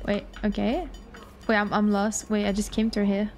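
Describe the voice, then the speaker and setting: A woman streamer commenting on a horror game, excitable, giggling and shrieking when scared, with game sounds behind. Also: medium pitch, normal speed, a little hiss or hum. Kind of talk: live gaming commentary. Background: game music and sounds.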